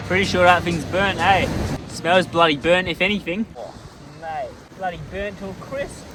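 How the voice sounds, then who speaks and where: A man's voice: sits high, normal speed, music in the background. Laid-back Australian man, campfire vlog. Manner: laid-back, slangy, says "mate" and "bloody" a lot. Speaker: travel vlogger. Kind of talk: casual vlog talk. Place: outdoors by a campfire near the ocean.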